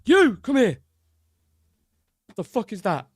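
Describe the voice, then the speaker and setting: A man's voice: very high voice, huge pitch swings, unhurried, dry recording, studio quality, voice pushed up, heavily acted. A man doing a bellowing hot-tempered chef. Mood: yelling. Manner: shouty, aggressive barking.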